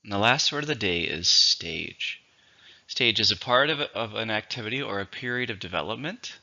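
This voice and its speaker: Male English teacher, low and sharp-toned, dull lo-fi recording, measured explanations. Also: lively intonation, creaky. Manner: slow, deliberate explanations with repeated words. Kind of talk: vocabulary lesson.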